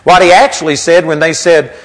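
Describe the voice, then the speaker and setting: A preacher man with a slightly raised pitch delivers a sermon. He talks in an easygoing, conversational teaching manner and reads scripture aloud along the way. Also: fairly even intonation, brisk, rough recording.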